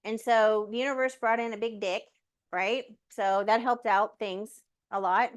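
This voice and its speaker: A woman's voice: on the high side, measured pace. A woman casually telling a personal story in a chatty way, full of fillers and acted-out inner dialogue. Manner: animated, many fillers, acts out her talks with the universe. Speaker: guest sharing a personal story.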